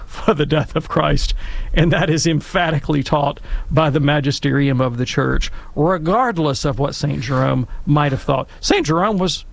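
A man's voice: on the high side, normal speed, vocal fry. A middle-aged man telling a wry, self-deprecating anecdote, then giving theological commentary in a Catholic discussion.

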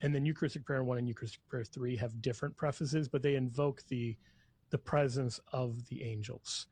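A man's voice: medium pitch, fairly even intonation, fairly quick, a little mellow, slightly rough. Man explaining scripture with easy laughs. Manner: laughs easily, reads passages aloud. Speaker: guest. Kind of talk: explaining scripture on a call-in radio show.

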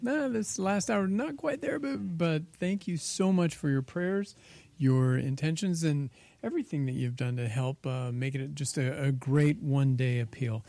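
A man's voice: a little high, normal speed, vocal fry, mellow. Upbeat man hosting a radio appeal. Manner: upbeat, thankful, a little rambling. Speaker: radio station general manager, host.

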